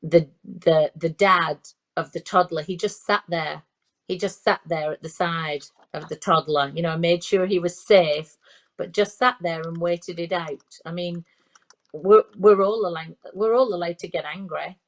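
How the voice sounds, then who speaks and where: Low-voiced woman in her fifties, halting. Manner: repeats herself, frequent restarts and fillers. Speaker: parenting expert guest. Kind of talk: conversational podcast interview.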